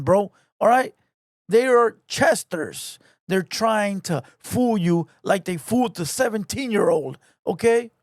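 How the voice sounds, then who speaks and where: A man delivers a heated, taunting rant to camera from a home garage. His voice sits high, and he hammers the same lines over and over. The sound is dry and close, with little room around it. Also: no echo. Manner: taunting, repetitive, confrontational. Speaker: online commentator.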